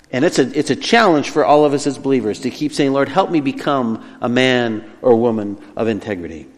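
Lively preacher man in a reverberant hall. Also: medium pitch. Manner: lively, emphatic preaching that drops soft on key phrases. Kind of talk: sermon.

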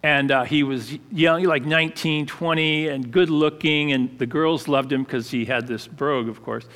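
A man pastor giving a conversational sermon, halting with fillers and restarts. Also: fairly high pitch, steady tone, fairly bright tone, in a large hall.

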